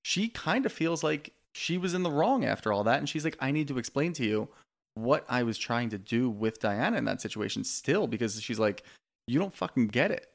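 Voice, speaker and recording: A man's voice: mid-range voice, lively intonation, a little fast, gravelly. A man co-hosting a podcast, chatting casually and candidly about a reality show, swearing freely. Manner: candid, swears freely, quotes cast members. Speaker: podcast co-host. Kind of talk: casual reality TV recap chat.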